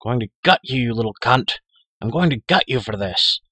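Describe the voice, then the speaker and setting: A man's voice: on the low side, a little fast, no echo, close to an everyday voice. A man reading an audiobook, voicing a vicious, crude male were-rat boss with a snarling, sneering delivery. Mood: furious.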